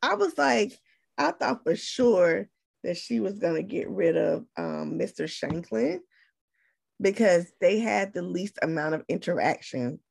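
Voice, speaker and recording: A woman co-hosting a casual chat, animated and exclaiming as she reacts. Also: lowish voice, a little slow, gravelly, breathy edge.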